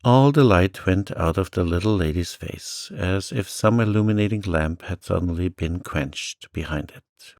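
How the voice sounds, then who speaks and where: Soft-spoken male bedtime-story reader, deep voice, dry close sound. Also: no echo. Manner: calm, slow and gentle. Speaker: narrator.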